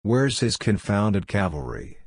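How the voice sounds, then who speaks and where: A hateful old lord, read by a man who scolds in a low, gruff, thunderous hush. The sound is close and dry, with no room. An old bully from a storybook. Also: big pitch swings, measured pace, dry recording. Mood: hissing.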